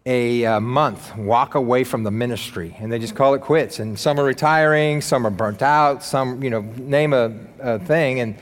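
An upbeat male pastor preaches in a casual, joking manner, his voice sitting at an ordinary middle pitch. Long reverb from a large church sanctuary trails after each phrase. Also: moderate pace, hardly any pauses. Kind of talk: sermon.

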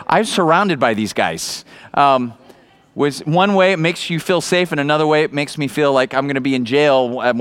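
A man preaching a sermon, reading scripture and acting out the people in the story in an animated, conversational way. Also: on the high side, smooth. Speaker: pastor.

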